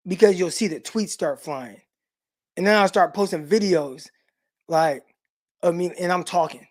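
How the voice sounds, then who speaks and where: A relaxed middle-aged man hosts a sports livestream in an easygoing, conversational way. He speaks directly to his viewers, reads out their comments, and fills his talk with casual "like"s. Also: high voice, a little slow, pauses often. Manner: laid-back, loose and chatty, with lots of "like" fillers; talks straight to the live chat and reads out viewer comments. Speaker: sports show host.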